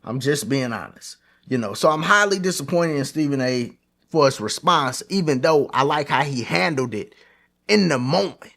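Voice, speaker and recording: A man with a high voice that swings widely as he hosts his own sports commentary vlog. He talks in an animated, opinionated way, full of casual slang. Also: moderate pace, gravelly. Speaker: host of a sports commentary channel.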